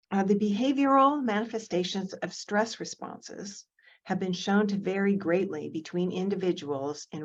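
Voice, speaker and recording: A low-pitched woman leads an online writing workshop, walking through examples slowly and carefully with the odd "um". Her voice comes over a video call with slightly dull, muffled audio. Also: a little mellow. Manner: measured, explains step by step with fillers.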